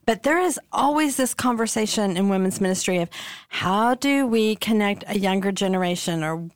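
A woman hosting a podcast, thoughtfully leading into interview questions, with a slightly halting delivery. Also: medium pitch, expressive, no echo. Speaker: podcast host.

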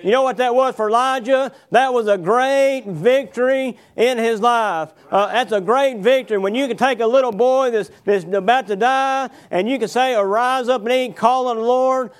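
A man's voice: very high-pitched, a little slow. A man preaching a sermon, reading verses aloud and then explaining them with rhetorical questions to his congregation. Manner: reads verses aloud, then paraphrases with fillers. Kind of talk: sermon reading and expounding scripture. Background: congregation answering amen.

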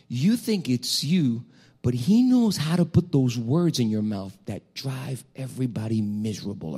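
Husky preacher delivering a sermon. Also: male voice, medium pitch. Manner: animated, acts out dialogue in different voices. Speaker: pastor.

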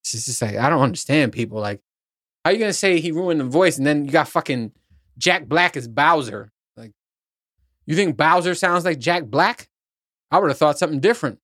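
A man's voice: fairly high pitch, lively intonation, brisk, a bit bright, dry recording, studio quality. A man hosting a podcast alone, rambling in a casual chat and swearing freely. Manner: rambling, profane, laughs at his own points. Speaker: podcast host.

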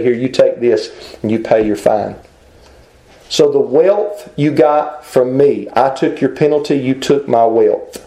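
A man's voice: mid-range voice, warm tone, roomy sound, poor audio. A man preaching a sermon, reasoning aloud and posing rhetorical questions to his listeners.

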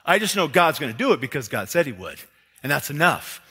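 Bright-voiced male pastor preaching in a hall. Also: a little high, brisk, slightly rough. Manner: energetic preaching with acted quotes and rhetorical questions. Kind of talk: sermon. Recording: long hall reverb.

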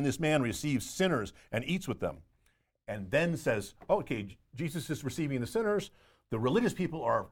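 A man's voice: mid-range voice, darkish tone. A man co-hosting a Bible study discussion, reading scripture aloud and explaining it verse by verse. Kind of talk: teaching discussion.

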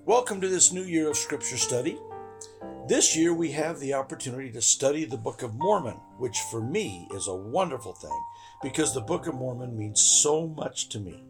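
A man's voice: mid-range voice, lively intonation, moderate pace, music in the background. A man hosting a scripture study podcast, speaking in an earnest, devotional way. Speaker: podcast host.

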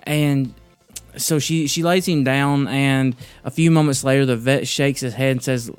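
A man hosts a casual devotional talk, halting and restarting often as he tells a joke and then talks through scripture. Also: medium pitch, steady tone, smooth, no echo, soft background music. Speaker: podcast host.

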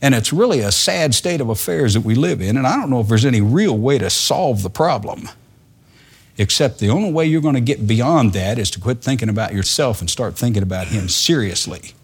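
An older man preaching a sermon in a folksy, earnest way, dropping to soft asides and rising to emphatic lines. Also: medium pitch, animated, brisk, slightly rough.

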